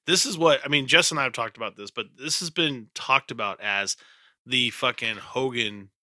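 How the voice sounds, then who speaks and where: Sweary man with a bright, dry voice. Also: medium pitch, moderate pace, no echo. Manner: heated, profane, blunt. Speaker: podcast co-host. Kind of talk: casual wrestling podcast chat.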